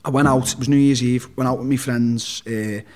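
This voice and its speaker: A man's voice: mid-range voice, steady tone, a little fast, a little mellow. A man with a Liverpool accent, telling a personal story as an interview guest in a blunt, sweary, rambling way. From Liverpool, England. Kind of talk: casual storytelling.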